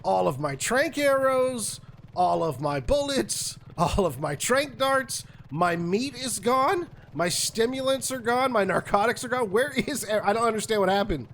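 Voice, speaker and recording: A man giving animated, exasperated commentary while he plays a survival game, often talking straight to the game itself. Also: high-pitched, a little slow, slight background noise. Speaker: gaming YouTuber.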